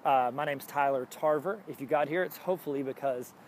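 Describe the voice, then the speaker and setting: A man's voice: medium pitch, a little fast, a little mellow, a little hiss or hum. A man hosting his own podcast, talking casually in a jokey, rambling way and restarting often to poke fun at himself. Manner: jokey, upbeat. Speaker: podcast host. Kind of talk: casual solo podcast monologue.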